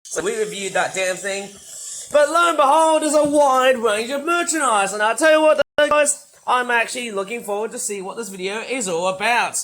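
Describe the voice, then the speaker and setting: A hoarse man recovering from a sore throat, rambling excitedly through a casual toy unboxing review with loud bursts. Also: very high voice, normal speed, rough recording.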